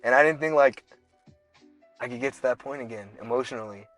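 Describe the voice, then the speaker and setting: A man's voice: mid-range voice, a little fast, a bit bright, soft background music. A young man co-hosting a podcast, telling a long story in casual slang and acting out characters in bursts. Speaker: podcast co-host. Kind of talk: casual chat.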